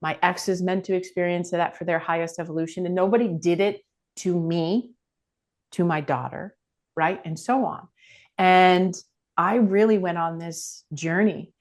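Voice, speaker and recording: Earnest lower-voiced woman guest. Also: steady tone, normal speed. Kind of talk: podcast interview.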